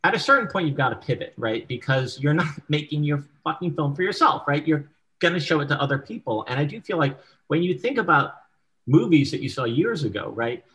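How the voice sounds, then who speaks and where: A man who writes screenplays, speaking as a guest in a casual interview, relaxed and frank, who swears casually and keeps checking in with "right?". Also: on the high side, brisk, poor audio.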